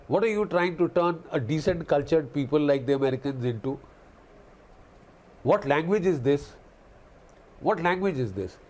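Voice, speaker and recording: A man's voice: on the high side, darkish tone. A man giving impassioned commentary on a TV news panel, repeating key phrases for emphasis. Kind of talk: impassioned televised debate commentary.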